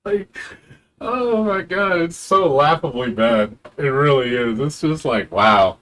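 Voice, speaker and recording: A male streamer rants off the cuff with plenty of swearing, and his voice sits at an ordinary, mid-range pitch. He talks in a sarcastic, exasperated way and drops into mocking impressions of other people. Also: lively intonation, slow, a bit bright. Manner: profane, sarcastic, mocks others in put-on voices. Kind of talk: casual ranting commentary while streaming.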